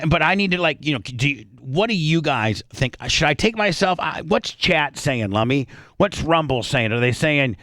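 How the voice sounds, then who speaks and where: A man hosting a radio show in casual banter, halting and repeating himself, poking fun at himself, speaking into a studio microphone. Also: fairly high pitch, sharp tone, no echo. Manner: halting, repeats words, self-deprecating. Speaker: radio host.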